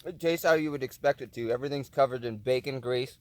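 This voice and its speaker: A man's voice: medium pitch, quick pace, dry recording. A man vlogging at a winter backcountry camp, chatting casually and relishing his camp food as he eats. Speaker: outdoor vlogger. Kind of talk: casual vlog chat while cooking and eating.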